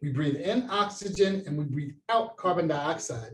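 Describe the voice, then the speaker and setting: A man with a high voice leads children through a science lesson, calling out words for them to repeat back. He speaks from some distance off the mic in an echoey room, so his voice rings and sounds far. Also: normal speed. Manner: animated, call-and-response prompting; gestures while talking, stands and demonstrates. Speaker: science educator. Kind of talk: interactive kids' science lesson.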